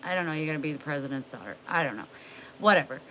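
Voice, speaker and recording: A woman's voice: low voice, lively intonation, very fast, fairly bright tone, a little hiss or hum, low-quality recording. A young woman chatting casually on a livestream, drawling and greeting viewers by name. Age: young adult.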